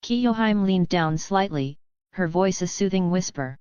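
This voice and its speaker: Smooth low-pitched woman narrating. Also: a little slow, darkish tone, no room sound, highs cut off. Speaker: audiobook narrator. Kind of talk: scripted narration.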